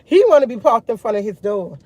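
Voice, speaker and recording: A young woman vlogging to her viewers, retelling a run-in in an animated, emphatic way with slang and swearing. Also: fairly high pitch, a little fast, no echo. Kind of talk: casual storytelling chat.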